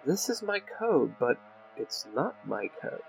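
A man's voice: medium pitch, big pitch swings, slow pace, creaky, soft background music, exaggerated voice, low-quality recording. A man voicing a scheming villain lord who broods in a cyber realm. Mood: brooding.

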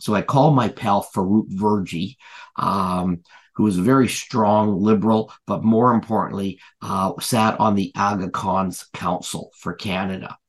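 A man's voice: on the low side, steady tone, a little slow. A man who is a podcast guest, telling a long story in casual chat, rambling with many fillers and restarts and retelling what people said.

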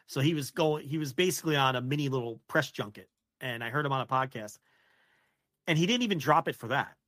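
A man co-hosting a wrestling podcast, opinionated and quick to rant, swearing casually. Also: mid-range voice, animated, fairly bright tone, no room sound. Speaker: podcast co-host.

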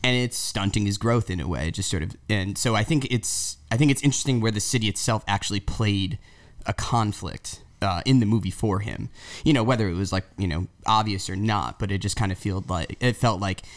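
A man's voice: fairly low pitch, a little fast. A man on a casual podcast who talks in a rambling, hesitant way with lots of fillers. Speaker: podcast co-host.

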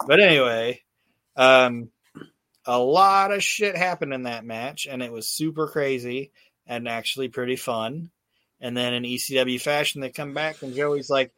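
A man hosts a laid-back podcast, recapping events in a loose, rambling way full of swearing, fillers and false starts. His voice sits at an ordinary pitch and is recorded dry and close. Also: unhurried, sharp tone, dry recording. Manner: rambling, profane storytelling with many fillers and restarts. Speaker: podcast host. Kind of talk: casual recap chat.

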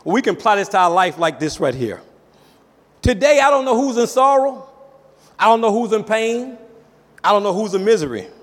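Brief: high-pitched male pastor, emphatic preaching, sermon echoing through a church hall. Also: very animated, normal speed, pauses often. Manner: emphatic preaching with call-outs and rising shouts.

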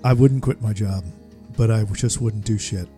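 A middle-aged man co-hosting a casual podcast chat, telling stories in an animated way and laughing often. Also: lowish voice, moderate pace, soft background music. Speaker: podcast co-host.

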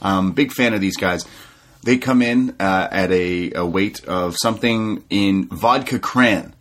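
A man co-hosting a casual podcast, relaxed as he recaps matches and laughs along. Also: deep voice, unhurried. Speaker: co-host, wrestling reviewer.

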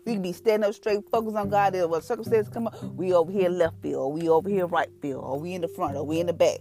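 Low-voiced woman preaching over music. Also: quick pace, dark tone. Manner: conversational, earnest, colloquial with many fillers. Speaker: devotional podcast host. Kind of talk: casual devotional talk. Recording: music bed behind voice.

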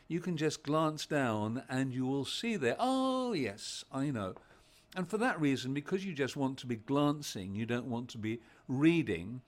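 A man leading a panel on storytelling, explaining methods and handing the turn to each guest in an encouraging, conversational way. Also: mid-range voice. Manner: encouraging, conversational, hands turns to others. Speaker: discussion host, storyteller.

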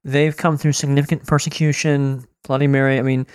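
A man's voice: on the high side, fairly even intonation, moderate pace, hardly any pauses, clean tone, dry recording, clean studio sound. A man in a casual church discussion who asks for context and chimes in with frequent agreement. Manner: conversational, asks questions, frequent backchannel.

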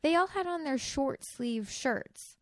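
A woman's voice: high-pitched, animated, measured pace, over a noisy crowd. A woman co-hosting a podcast in casual chat, pressing her partner with question after question. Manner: inquisitive, keeps pressing questions. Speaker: podcast co-host.

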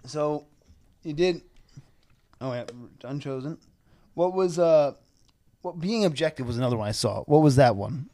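A man's voice: fairly high pitch, moderate pace, long pauses, dark tone. A chatty man hosting a casual interview, dropping the odd swear word and filling gaps with "yeah." His voice sounds dry and close, with no room echo around it. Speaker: interview host.

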